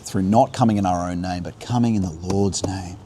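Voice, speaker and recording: A low-pitched man speaks on a livestream by river rapids, giving a sincere, off-the-cuff spiritual talk in which he muses aloud and often starts his thoughts over. Background noise includes the faint rush of water.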